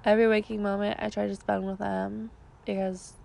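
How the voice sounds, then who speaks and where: A woman, co-hosting a podcast, telling a long personal story in a raspy voice with many fillers while losing her voice. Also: medium pitch, level tone, brisk, darkish tone, a little hiss or hum. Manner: rambling, filler-heavy storytelling. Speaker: podcast co-host. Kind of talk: casual storytelling chat.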